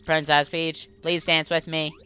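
A woman doing a polite talking computer, formal and precise, puzzling over emotions. Low-voiced and even, the voice of a game's machine character. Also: a little slow, clean tone. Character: polite male computer, curious about feelings.

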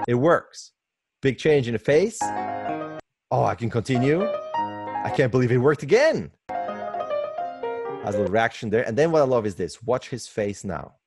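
A man in his forties, a guest animator giving an enthusiastic webinar commentary from home over a video call mic, laughing often and gushing. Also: medium pitch. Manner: excitable, laughs often, lively gushing delivery. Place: home workspace.

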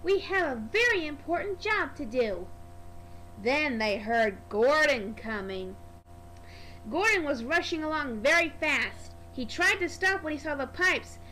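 A woman's voice: high voice, bright, forceful tone, a little hiss or hum, rough recording. A woman narrating a children's storybook in a careful read-aloud manner.

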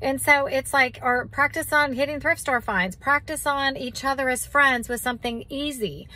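A woman's voice: high-pitched, fairly even intonation, normal speed, bright, forceful tone, rough recording. A woman giving a casual spoken teaching on hearing God, chatty and loose with fillers and restarts. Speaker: Christian teacher on prophecy.

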